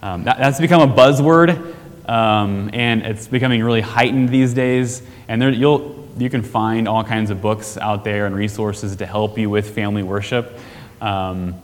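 Man, church teaching, conversational, slightly low voice, reverberant hall. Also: steady tone, measured pace. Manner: conversational, asks the audience questions, frequent "right?". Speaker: teacher on family discipleship.

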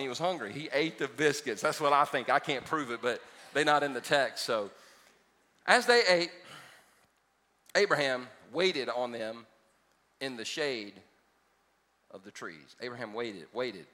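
A man's voice: mid-range voice, normal speed, pauses often, bright, forceful tone. A man preaching a sermon, folksy and joking, building to emphatic points. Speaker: pastor. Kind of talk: sermon with storytelling. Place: large church hall. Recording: reverberant church hall.

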